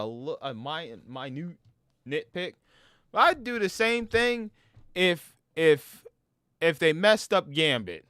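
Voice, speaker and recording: A man's voice: high-pitched, no echo, clean studio sound. A man ranting casually as a gaming streamer, swearing and tripping over his words. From New York. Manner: animated, profane, stumbles over words.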